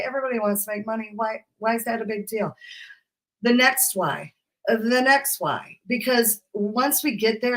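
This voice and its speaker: A woman's voice: a little high, moderate pace. A fired-up woman coaching straight to camera, sassy and emphatic. She sounds like a motivational business coach hyping up her viewers on a live stream.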